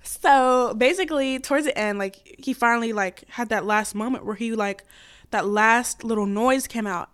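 A woman's voice: a little high, moderate pace, fairly bright tone, clear, resonant tone. A young woman hosting a podcast, telling a story in casual chat, giggling often and filling her speech with "like" and "um". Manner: chatty, giggly, heavy filler words. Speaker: podcast host.

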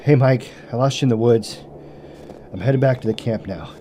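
A man's voice: medium pitch, moderate pace, dark tone, a little hiss or hum, lightly acted. An actor playing a frightened male psychologist lost on a hunt in the woods, stammering nervously as he talks himself down. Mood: anxious. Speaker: hunter. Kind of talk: audio drama acting.

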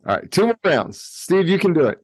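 A man's voice: a little high, sing-song, fairly quick, slightly rough, no room sound, clean studio sound. A man hosting a casual podcast, running a quiz game in a laid-back, joking way.

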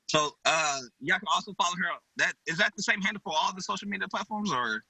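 A man's voice: high-pitched, expressive, fast talker, sharp tone, breathy edge, no echo, low-quality recording. A man co-hosting a casual podcast, laid-back and full of slang as he hypes up listeners. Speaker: podcast co-host. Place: home, lawn mower outside.

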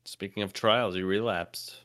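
Very deep, slow, deadpan podcast guy. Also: no room sound. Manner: dry, deadpan jokes. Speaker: podcast co-host. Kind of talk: casual comedy podcast chat.

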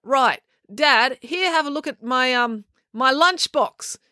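A woman's voice: high-pitched, lively intonation, takes it slowly, bright, forceful tone, dry recording, studio quality, pitched above the performer's own voice, heavily acted. A woman voicing an earnest, slightly clueless young boy who hesitates as he talks.

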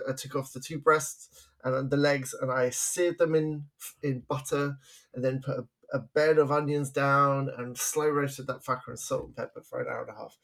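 A man's voice: medium pitch, gravelly, a bit bright. A man, co-hosting a podcast, telling stories in a chatty way and laughing often. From England. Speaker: podcast co-host. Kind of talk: casual podcast chat.

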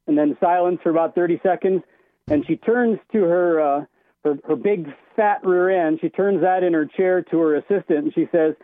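A man's voice: on the high side, normal speed, no echo. Rambling male caller on a tinny phone line. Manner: rambling, many restarts, vivid retelling. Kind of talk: casual phone-in storytelling.

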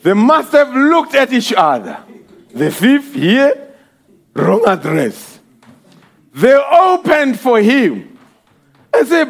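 Very high-voiced man preaching fervently. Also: huge pitch swings, takes it slowly, gravelly, long pauses. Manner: impassioned, often shouting, cries of hallelujah; acts out quoted voices while storytelling. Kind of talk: fervent sermon.

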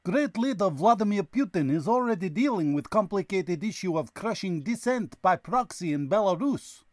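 A man voicing a smug male Russian state-media correspondent, in a put-on Russian accent with broken, deadpan English in a comedy sketch. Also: sits high, normal speed, dry recording, clean studio sound. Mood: dismissive.

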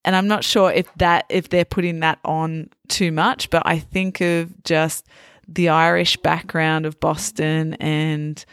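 A woman's voice: low voice, level tone, unhurried, clean tone, dry recording, studio quality. A woman hosting a podcast and chatting in a friendly way, with frequent ums. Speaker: podcast host. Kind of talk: casual interview chat.

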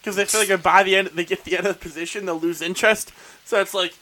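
A man's voice: high-pitched, steady tone, bright, forceful tone. A man co-hosting a podcast, joking and reacting in casual banter. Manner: joking, quick reactions, laughs often. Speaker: podcast co-host.

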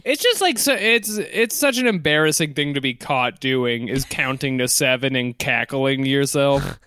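Wry, joking co-host with a bright, lively voice on a dry, close mic. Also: medium pitch, normal speed, clean tone, dry recording. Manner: wry, laughing, joking asides. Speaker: podcast co-host. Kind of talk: casual chat.

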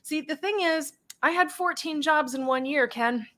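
Woman, 40s, from Massachusetts, bright forward voice, playful storyteller, laughs a lot, no accent. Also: high-pitched, normal speed. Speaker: guest. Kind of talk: casual interview chat.

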